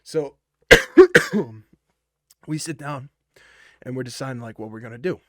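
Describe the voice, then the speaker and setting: A man's voice: medium pitch, wildly swooping pitch, unhurried, bright, forceful tone, dry recording, clean studio sound. Rambling, profane young man telling a story. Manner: rambling and profane, with many fillers. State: wired on energy drinks. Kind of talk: casual personal storytelling.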